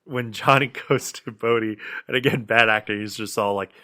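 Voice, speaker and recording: Upbeat bright-voiced male podcast host. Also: fairly low pitch, steady tone, normal speed. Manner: enthusiastic, filler-heavy, reads trivia aloud. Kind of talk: casual movie podcast chat.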